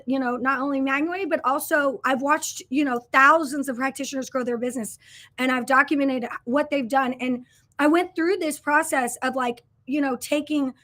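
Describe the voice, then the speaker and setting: A woman in her thirties pitches her coaching program on a casual livestream. Her voice sits high, and she talks in an earnest, chatty way, full of fillers and restarts. She breaks off to greet viewers and answer their comments. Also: pushed and bright. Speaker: business coach hosting a livestream.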